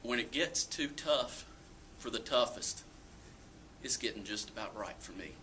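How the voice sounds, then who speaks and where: A man's voice: very high-pitched, animated, fast talker, sharp tone, slight background noise, full character voice. A man doing his tough country dad. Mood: steady. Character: calm, tough country father, older man.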